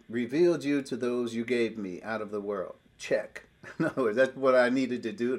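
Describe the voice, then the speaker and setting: A man's voice: medium pitch, slightly rough. A man teaching a Bible lesson, explaining verses step by step and reading scripture aloud with emphasis.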